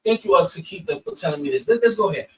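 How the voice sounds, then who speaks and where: A man hosting reaction commentary, rambling and profane, with hurried restarts. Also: high-pitched, animated, distant mic, rough recording. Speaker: commentary host.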